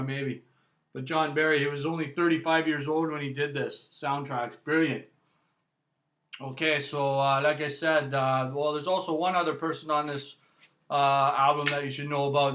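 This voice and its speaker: Chatty Canadian man, bright voice. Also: a little high, echoey room. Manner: chatty, rambling, frequent "eh" and "right". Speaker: music vlog host. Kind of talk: casual vinyl review.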